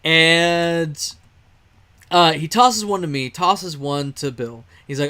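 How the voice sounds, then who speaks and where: A man from Texas chats to his stream viewers while he plays a game, with a voice that sits a little high. He rambles through a story, restarting sentences and filling gaps with "uh" and "like." He chuckles now and then as he talks. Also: a little slow, sharp tone. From Texas, USA.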